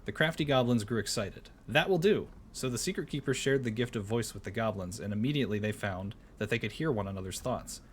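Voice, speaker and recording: A man streaming a game, chatting casually and reading a storybook aloud in a playful, animated way. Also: lowish voice, fast, hardly any pauses, slight background noise.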